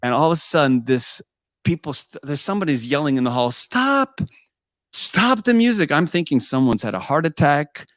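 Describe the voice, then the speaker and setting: A man's voice: mid-range voice, fast talker, no echo, clean studio sound. A man telling a musician's road stories in a casual interview, often laughing and acting out the dialogue. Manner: animated anecdotes with frequent laughs and "I go". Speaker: guest musician.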